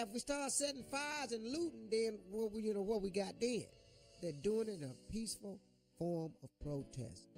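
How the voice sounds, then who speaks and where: A man's voice: high voice, darkish tone. A middle-aged man, hosting a morning radio show and delivering impassioned, preachy commentary.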